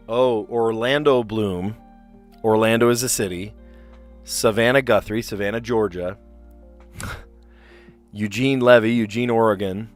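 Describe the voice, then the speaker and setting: A man's voice: lowish voice, a little slow, pauses often, soft background music. A man from South Jersey hosting a livestream, chatting casually and thinking aloud as he works through word puzzles, often second-guessing himself.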